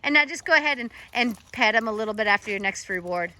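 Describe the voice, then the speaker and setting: A woman's voice: fairly high pitch, expressive, fast, sharp tone. A woman dog trainer coaching a trainee in an encouraging, instructive way.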